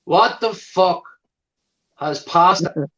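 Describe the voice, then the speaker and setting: A man's voice: sits high, extremely slow, fairly bright tone. Sweary ranting man with a Belfast accent. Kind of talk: live stream panel chat. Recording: dull lo-fi stream audio.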